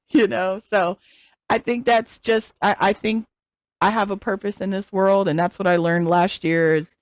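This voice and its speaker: A woman's voice: medium pitch, fairly even intonation, a little slow, dry recording. Frank, salty middle-aged woman, dry sound. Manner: frank, profane, laughs often. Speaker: interview guest, content creator. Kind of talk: candid conversational interview.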